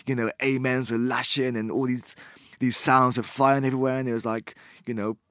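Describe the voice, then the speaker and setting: A man, chatting casually as an interview guest, relaxed and rambling with many fillers. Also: medium pitch, brisk, no room sound, clean studio sound. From Bristol, England. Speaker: guest musician.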